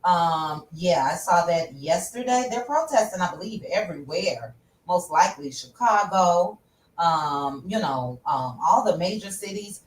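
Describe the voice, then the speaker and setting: A woman's voice: mid-range voice, echoey room, distant mic, low-quality recording. A woman hosting a casual livestream, chatting directly with her viewers about pop culture news. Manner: chatty, talks straight to viewers. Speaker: host.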